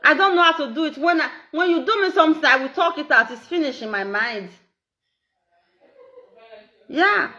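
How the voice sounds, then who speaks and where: A middle-aged Nigerian woman with an Edo accent, talking in a casual, animated, repetitive way and laughing often. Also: high voice, moderate pace, pauses often. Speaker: social media live streamer. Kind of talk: casual monologue in Pidgin and Edo.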